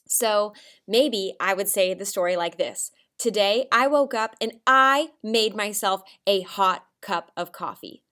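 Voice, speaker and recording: A woman teaching a recorded writing lesson to first graders, telling a story with dramatic shouts and whispers. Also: mid-range voice.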